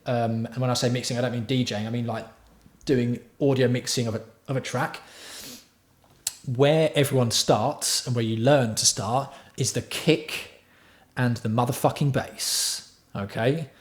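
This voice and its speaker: A man hosting a casual livestream tutorial on music production. He chats with his viewers and swears freely. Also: medium pitch. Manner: chatty, swears freely, answers viewer chat.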